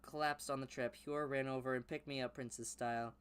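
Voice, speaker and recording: A young man reading his old teenage story aloud in a low mumble, then breaking off into loud, mocking commentary. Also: steady tone, a little fast, smooth. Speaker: YouTuber reading his childhood writing.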